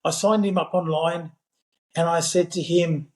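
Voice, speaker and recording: A man's voice: fairly high pitch, fairly even intonation, a little slow, a little mellow, reverberant. A man, chatting as a podcast guest. He tells his story loosely and rambles, with plenty of fillers along the way. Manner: rambling anecdote with many fillers. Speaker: podcast guest, parkrun regular. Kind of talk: casual storytelling chat.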